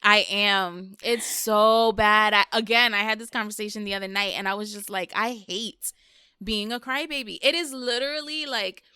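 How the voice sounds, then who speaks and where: A woman in her thirties hosts a casual podcast chat, her voice bright and crisp, a little higher than most. She talks candidly and swears freely, and the sound is close and dry. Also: moderate pace, few pauses, no room sound. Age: 30s. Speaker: podcast host.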